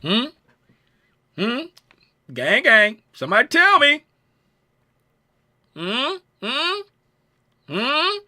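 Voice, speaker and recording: A man's voice: very high-pitched, wildly swooping pitch, very slow, long pauses, sharp tone. A man teaching a live-streamed trading chart lesson, playful and teasing, repeating himself and talking to his chat viewers. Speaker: trading coach.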